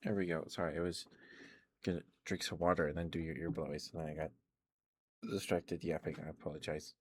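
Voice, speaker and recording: A tired, worn-out man rambling softly and chuckling often, chatting sleepily to his stream viewers up close to the mic. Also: rumbling low, flat delivery, brisk, a little hiss or hum. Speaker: ASMR streamer. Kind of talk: sleepy ASMR chat to live viewers.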